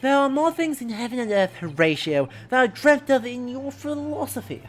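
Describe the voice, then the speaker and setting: A woman's voice: sits high, sing-song, moderate pace, faint music behind, pitched above the performer's own voice. A woman voicing a theatrical older male playwright with a put-on Cockney accent and a grandiose, old-fashioned manner.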